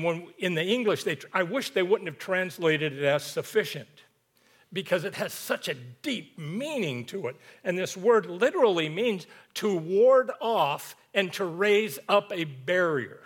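A man's voice: sits high, lively intonation, measured pace, slightly rough. A man preaching a sermon, reading scripture in an emphatic, rhythmic way that builds to peaks, then dropping into conversational asides to the congregation.

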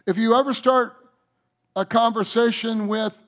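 A male pastor preaching a sermon at a deliberate, unhurried pace. His voice sits a little high for a man, and he stretches the words he wants to land. Phrase endings drop away quietly. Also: expressive. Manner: emphatic preaching, slows down to stress points, drops soft at phrase ends.

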